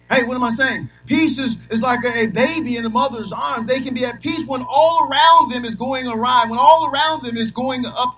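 A middle-aged male preacher delivering a sermon, dropping to soft low asides and rising to shouted peaks, with rhythmic lists and a steady "amen" between phrases. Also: low-quality recording. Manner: punctuates phrases with repeated "amen"; rhythmic lists, drawn-out emphasis.

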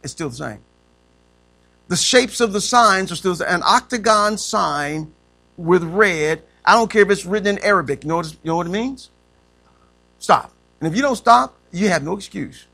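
A man's voice: high-pitched, animated, normal speed, vocal fry, pushed and bright. A man preaching a sermon who stops to ask the congregation to fill in words and stretches out the key phrases for emphasis. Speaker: pastor.

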